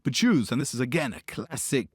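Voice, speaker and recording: A man's voice: mid-range voice, expressive, brisk, breathy edge, no echo, clean studio sound. A man hosting a podcast, giving history commentary in a discursive way, often correcting himself mid-sentence with asides. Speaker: podcast host.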